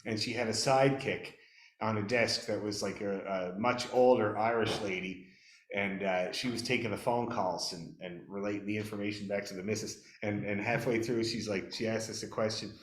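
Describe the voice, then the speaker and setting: A man from Nova Scotia leading an orchestra rehearsal, counting the players in and telling a relaxed, chatty story. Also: on the low side, moderate pace. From Nova Scotia, Canada. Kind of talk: rehearsal talk and anecdote. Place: rehearsal hall. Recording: roomy echoey hall.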